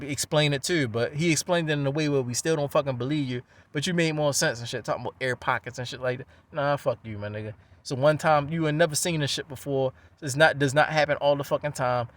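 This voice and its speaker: A man, ranting in a profane, rambling, animated monologue. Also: mid-range voice.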